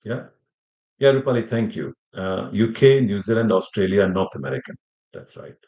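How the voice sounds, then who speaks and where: Male lecturer, lowish voice, filler-heavy and rambling, quizzing students, roomy muffled recording. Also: lively intonation, moderate pace, dark tone. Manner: rambling, many fillers and restarts; addresses students with questions. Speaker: language teacher. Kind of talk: classroom lecture. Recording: echoey room, muffled sound.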